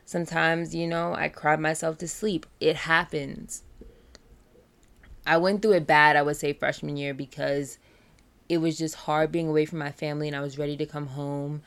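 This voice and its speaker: A woman's voice: sits low, level tone, moderate pace, smooth. A young woman, a college student, talking candidly and earnestly about mental health and self-love. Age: young adult. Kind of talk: personal talk on mental health.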